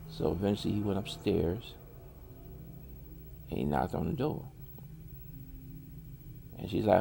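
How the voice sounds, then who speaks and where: Deep gravelly drawling man. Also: very animated, takes it slowly, pauses often, a little mellow, slight background noise. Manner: drawling, colloquial, loose grammar. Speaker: narrator. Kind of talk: casual horror storytelling.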